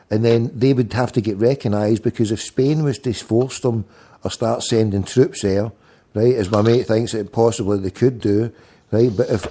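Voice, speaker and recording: A man's voice: fairly low pitch, mellow. A man hosting a late-night talk show, chatting casually about politics and rambling, often repeating words as he thinks. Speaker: radio show host.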